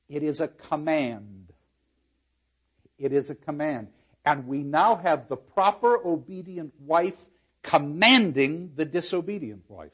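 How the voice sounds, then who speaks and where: A man's voice: fairly high pitch, expressive, measured pace, a bit bright, breathy edge, dull audio. A man giving a university lecture on a play, explaining verse and reading lines aloud with dramatic emphasis. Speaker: literature lecturer.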